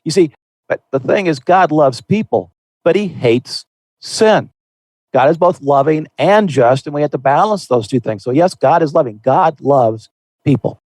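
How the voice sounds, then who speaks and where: A man's voice: on the high side, lively intonation, normal speed, darkish tone, dry recording. A man hosting a Christian podcast, explaining in an earnest, folksy way with frequent restarts. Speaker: podcast host. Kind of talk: conversational Christian podcast discussion.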